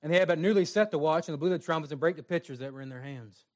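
A man's voice: fairly high pitch, very fast. A male pastor preaching a sermon, reading scripture and adding folksy asides.

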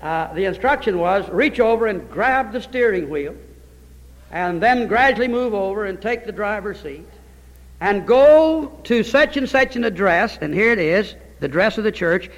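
A male pastor preaching a sermon, telling stories in a folksy, animated way. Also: high voice. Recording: reverberant church hall.

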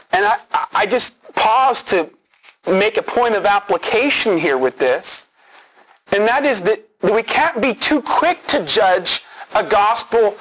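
A man's voice: high voice, a bit bright, rough recording. A man preaching an expository sermon, earnest and emphatic, repeating key words for stress.

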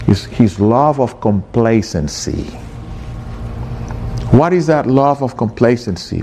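A man preaching a sermon as pastor, slow and emphatic, with sudden excited rises in his voice. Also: mid-range voice.

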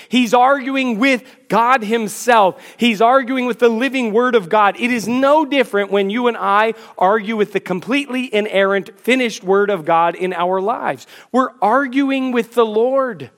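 A man's voice: extremely high pitch, normal speed, hardly any pauses, fairly bright tone. A man preaching a sermon in an emphatic, repetitive, rhetorical way.

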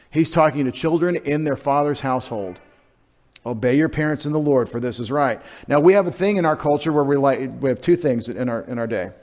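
A middle-aged man, preaching a sermon in a conversational, self-deprecating way, dropping into quiet asides. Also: mid-range voice. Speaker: pastor.

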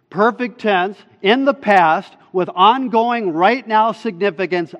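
A male pastor preaching a sermon, emphatic, pressing hard on key words and then dropping low and slow. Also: a bit bright. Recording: dull sound with long reverb in a hall.

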